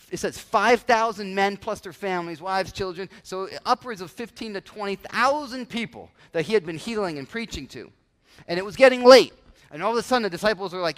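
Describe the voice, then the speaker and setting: Candid pastor preaching in a reverberant hall. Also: male voice, high voice, a bit bright. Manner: conversational, candid, with many restarts and acted asides. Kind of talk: sermon. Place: church sanctuary. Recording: church hall with long reverb.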